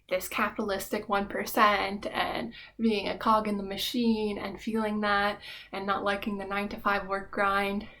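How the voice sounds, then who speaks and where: A woman's voice: mid-range voice, gravelly, fairly bright tone. A young adult woman vlogging, talking in a rambling, candid way with many fillers. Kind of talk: casual reflective monologue.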